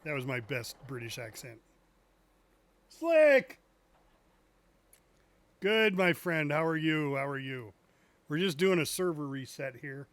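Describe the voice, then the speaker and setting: Joking male gaming streamer, slightly high voice. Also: moderate pace, fairly bright tone, no room sound. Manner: joking, chuckles at his own puns. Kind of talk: casual live gameplay chat.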